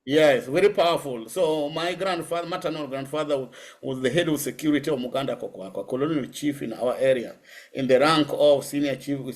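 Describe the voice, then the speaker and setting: A middle-aged Kenyan man giving a public lecture, telling personal stories in a lively way. He laughs often and sometimes switches into Swahili. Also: a little high. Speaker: guest lecturer.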